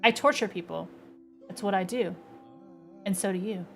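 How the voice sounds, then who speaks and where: A woman reading a game's dialogue aloud, voicing a cruel young woman who taunts her victim in a measured way. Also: medium pitch, vocal fry, fairly bright tone, faint music behind. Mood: taunting. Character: cold sadistic young woman tormentor.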